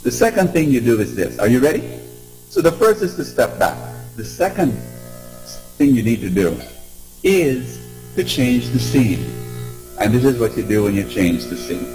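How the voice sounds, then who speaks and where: Animated preacher with music behind. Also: male voice, medium pitch, moderate pace, long pauses, rough recording. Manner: animated, with acted-out voices and audience prompts. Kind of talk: inspirational talk to a live audience.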